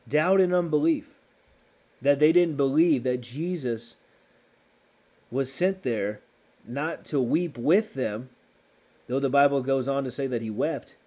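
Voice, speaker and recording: A man's voice: mid-range voice, dark tone. A man preaching a sermon, emphatic and repeating key phrases for stress.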